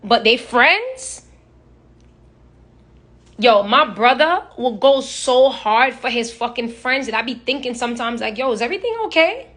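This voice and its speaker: A woman's voice: fairly high pitch, takes it slowly, fairly bright tone. A young woman chatting casually and animatedly on a phone live stream, telling profane stories and imitating other people. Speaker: social media personality.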